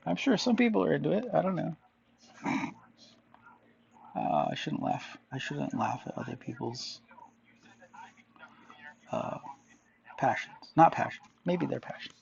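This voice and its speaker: A man's voice: fairly high pitch, unhurried, creaky, long pauses, a little mellow, lo-fi sound, slight background noise. A man chatting casually to viewers while drawing, rambling and musing aloud, often answering himself. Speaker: artist vlogger.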